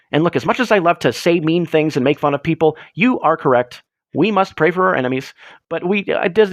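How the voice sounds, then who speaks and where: A man chatting on a live stream, rambling and sarcastic, and quick to get excited. His fairly high voice swings up and down a lot, and it sounds dry and close. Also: no echo. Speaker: livestream host. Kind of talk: casual live-stream chat.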